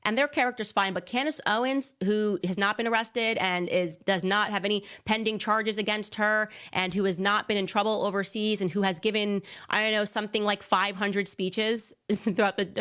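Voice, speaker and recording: Female host, sarcastic monologue, mid-pitched. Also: fairly even intonation, moderate pace, bright, forceful tone. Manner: sarcastic, mock-incredulous. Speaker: commentator host.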